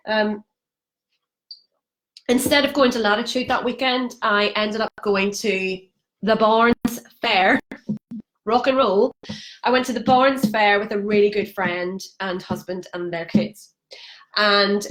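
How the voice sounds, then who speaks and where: A woman's voice: mid-range voice, fairly bright tone, poor audio. A woman talking candidly in a live-streamed vlog, frank and emotional, with many fillers and restarts. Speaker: vlogger sharing a sobriety challenge. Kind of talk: candid Facebook live monologue. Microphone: phone or webcam on a live stream.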